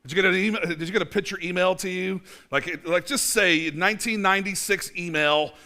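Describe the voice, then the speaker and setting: A pastor in his forties gives a casual, chatty sermon in church, speaking fast in a high, pushed, bright voice. He fills his talk with fillers and restarts, tossing in dry, self-mocking asides.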